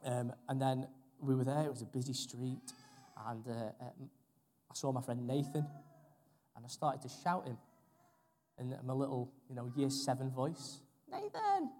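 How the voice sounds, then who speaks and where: Preacher with a mellow voice in a reverberant church. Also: male voice, mid-range voice, fairly even intonation, normal speed. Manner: earnest, repeats phrases for emphasis. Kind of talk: sermon. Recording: long hall reverb.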